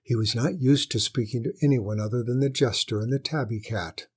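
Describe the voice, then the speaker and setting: A male storyteller reading a fairy tale aloud in a measured, steady manner. His voice is husky and sits at an ordinary middle pitch. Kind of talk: storybook narration.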